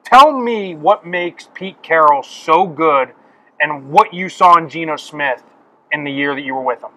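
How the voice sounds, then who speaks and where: A man's voice: on the high side, measured pace, bright, forceful tone, rough recording. A man co-hosting a sports podcast, interviewing a guest in a hyped, casual way. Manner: hyped, calls guest "brother". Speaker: podcast co-host.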